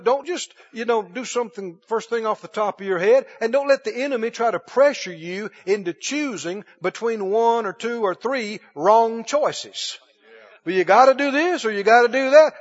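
High-voiced preacher in an echoing sanctuary. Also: male voice. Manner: emphatic, with rhetorical questions to the congregation. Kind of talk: sermon. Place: church sanctuary. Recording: dull, reverberant church recording.

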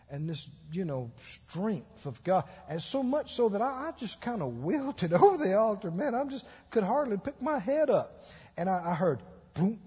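A preacher delivers his sermon in a high, slightly husky voice, acting out the people in his stories. The recording is muffled, and a long echo hangs in the church hall. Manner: animated storytelling with acted-out quotes and laughter. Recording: dull echoey church hall.

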